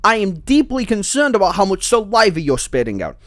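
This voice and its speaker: Lively, cursing man reacting. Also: sits high, fairly quick, dry recording. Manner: swears freely, laughs often. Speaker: webtoon reaction host. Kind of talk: casual reading and reaction commentary.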